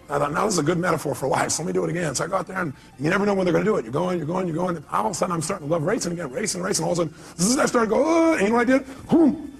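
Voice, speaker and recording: Husky, animated man giving a seminar talk. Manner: animated, swings between loud emphatic bursts and low quiet asides; acts out scenes with sound effects and quoted voices. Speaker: motivational speaker.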